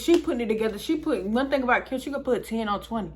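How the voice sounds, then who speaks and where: A woman's voice: on the high side, lively intonation, fast, hardly any pauses. Chatty young woman telling a story. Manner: chatty, talks straight to viewers. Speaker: vlogger. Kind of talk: casual storytime.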